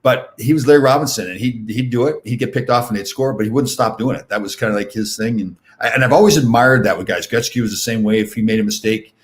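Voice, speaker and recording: Fast-talking older man spinning animated stories. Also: mid-range voice. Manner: animated, excitable anecdotes with many restarts. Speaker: podcast host and former pro hockey player. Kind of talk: casual storytelling chat.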